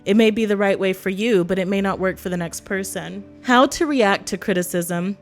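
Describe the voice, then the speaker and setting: A woman's voice: mid-range voice, normal speed, faint music behind. A woman from East Texas talking casually to the camera as a vlogger, laughing often and acting out quotes. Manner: chatty, laughs often, acts out quotes in other voices.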